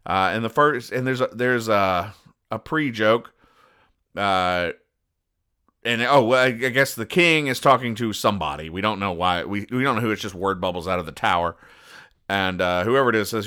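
A man hosting a comedy show, reading comic strips aloud and explaining the jokes in a wry, deadpan way. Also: lowish voice, normal speed, clear, resonant tone. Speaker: host.

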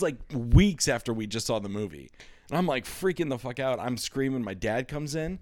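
A man's voice: mid-range voice, normal speed, no room sound, studio quality. A man hosting a casual comedy podcast, telling stories with lots of swearing and acting out the voices in them. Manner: animated storytelling, swearing, acts out voices. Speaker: podcast host.

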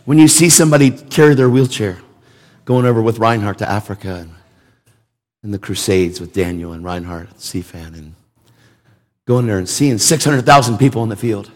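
A man's voice: lowish voice, moderate pace, darkish tone. A man preaching a sermon in an emphatic, conversational way, repeating words for emphasis. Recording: long reverb of a large hall.

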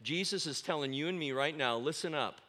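A man preaching a sermon to a church congregation as a guest speaker, telling lively stories and asking the congregation questions. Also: a little high. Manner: animated storytelling with sudden loud exclamations; asks the congregation questions and pauses for answers. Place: church sanctuary.

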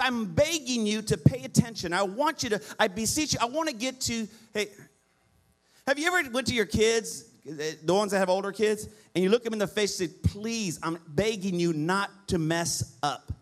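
A man's voice: sits high, a little fast, fairly bright tone. A middle-aged man preaching a sermon as pastor, pleading with the congregation and calling for responses.

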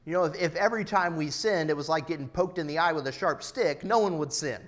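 A man in his thirties preaching an earnest, personal sermon, his loudness rising and falling for emphasis. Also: fairly high pitch, fast talker. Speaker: pastor.

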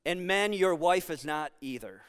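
A high, smooth-toned man delivers a sermon as pastor. He talks to the congregation in a loose, joking way and then drives his points home with emphasis. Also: lively intonation, normal speed, fairly bright tone. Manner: conversational and jokey, building to emphatic points.

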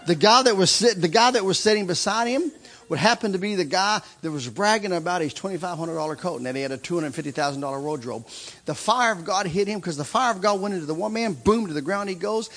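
Animated husky preacher man. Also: high-pitched, quick pace. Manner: dramatic, swings from loud shouting to hushed intensity. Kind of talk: sermon storytelling.

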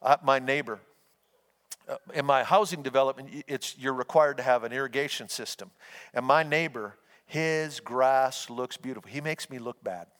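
A man preaches a sermon as a pastor, spinning homespun stories and urging his listeners on in an earnest, folksy way. His voice is mid-range and fairly bright, at a moderate pace, and a long hall reverb colors the recording.

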